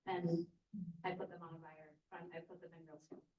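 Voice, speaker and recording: A woman's voice: lowish voice, level tone, fairly quick. A woman in the audience giving short, hesitant answers. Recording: roomy, dull, off-mic from the audience.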